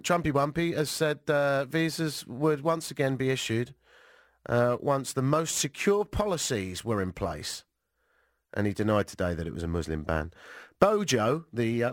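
A British man hosting a talk radio show, sarcastic and animated, jet-lagged. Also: medium pitch, dry recording, clean studio sound. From Britain. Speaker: radio host.

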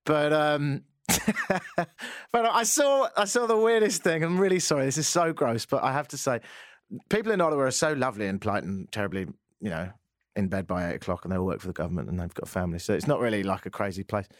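A man's voice: medium pitch, lively intonation, quick pace, no echo. A man with an English accent hosting a casual, joking radio talk show from a studio. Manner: chatty, joking, rambling. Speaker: radio host.

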